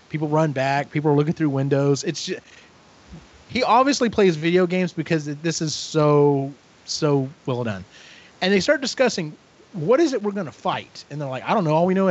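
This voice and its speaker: A man co-hosting a casual podcast, retelling a story with lively acted-out voices and frequent swearing. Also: a little high. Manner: animated retelling, acts out characters, swears freely. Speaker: podcast co-host. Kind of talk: casual book recap chat. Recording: dull lo-fi audio.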